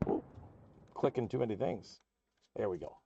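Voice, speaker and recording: A man hosting a live card break, calling out player names and teams as packs are opened in a steady, upbeat patter. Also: fairly low pitch, moderate pace, gravelly, breathy edge, no echo, dull audio. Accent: American.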